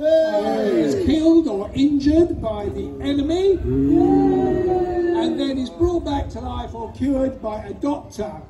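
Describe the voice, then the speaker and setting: A man narrating a folk play in rhyme, jovially teasing the audience. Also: extremely high pitch. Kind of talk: rhyming storytelling to an audience. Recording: echoey distant outdoor stage with crowd.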